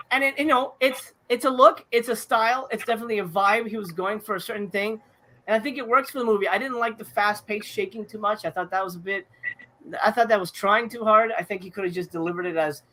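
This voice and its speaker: A man's voice: sits high, fairly quick, bright, forceful tone, slight background noise. A man co-hosting a movie podcast, talking in a rambling, casual way with many fillers and restarts. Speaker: podcast co-host reviewing movies. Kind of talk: casual chat.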